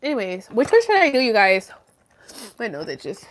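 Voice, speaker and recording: A woman chats casually on her live stream from home, rambling from one thing to the next. She swears freely and speaks in a somewhat high voice. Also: huge pitch swings, normal speed. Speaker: livestream host. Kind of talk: casual livestream chat.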